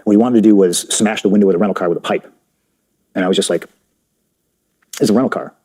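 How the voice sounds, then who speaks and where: A man's voice: lowish voice, warm tone, breathy edge. A man telling backstage stories bluntly in an interview, swearing freely and acting out what others said. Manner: blunt, profane, rapid storytelling with quoted dialogue. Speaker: interview guest, wrestler. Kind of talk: candid interview storytelling.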